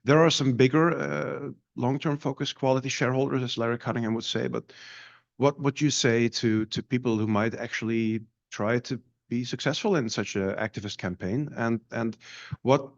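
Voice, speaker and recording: A man in the audience asking a hesitant question at a conference, restarting phrases, in dull lo-fi audio. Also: medium pitch.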